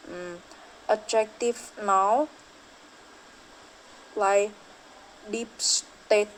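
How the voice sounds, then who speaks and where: A woman's voice: medium pitch, slight background noise, poor audio. A young woman student reading a class presentation, hesitant, with frequent fillers and self-corrections.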